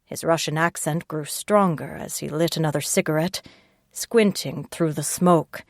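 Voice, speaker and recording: A woman's voice: sits low, a little slow, no echo, clean studio sound. A woman narrating a first-person audiobook with a terse, hard-boiled delivery.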